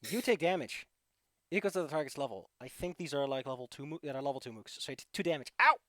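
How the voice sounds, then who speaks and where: A man's voice: mid-range voice, fast, no echo, clean studio sound. A man running a tabletop game as game master, narrating combat and rules in a chatty, joking way over a voice call.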